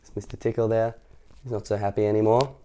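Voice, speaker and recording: A man's voice: fairly low pitch, fairly even intonation, quick pace, mellow. A man reading a children's picture book aloud, chuckling and adding chatty asides for young listeners. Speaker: storytime reader.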